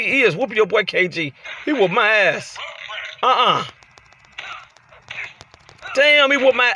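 A man hosting a gaming channel, giving excited let's-play commentary while trash-talking his opponent and yelling out exclamations. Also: extremely high pitch, moderate pace, long pauses, slight background noise. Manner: loud trash-talking, frequent shouted exclamations.

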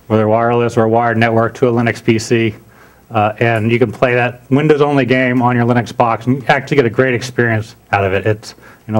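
A man giving a conference talk, relaxed, with frequent "uh" fillers and restarts. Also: mid-range voice. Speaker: conference speaker. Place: conference room.

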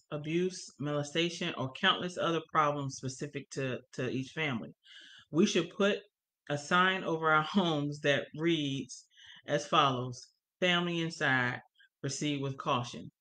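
A woman's voice: low voice, a little slow, fairly bright tone. A woman co-teaching a church family course. She reads passages from the course material aloud and then explains them, stressing the key points.

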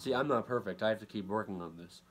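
A man giving a casual guitar lesson, relaxed and repetitive, counting beats aloud. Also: fairly low pitch, fast. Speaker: guitar teacher. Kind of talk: casual instructional talk. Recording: loud guitar playing behind.

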